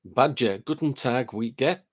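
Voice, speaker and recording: A man's voice: medium pitch, unhurried. A man hosting a live stream, chatting casually and greeting viewers by name while reading their comments aloud, with a lingering chest cold.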